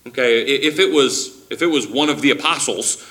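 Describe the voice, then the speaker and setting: A man's voice: medium pitch, fairly quick, sharp tone. A man preaching a sermon in a conversational teaching style, often restarting his sentences and acting out quotes.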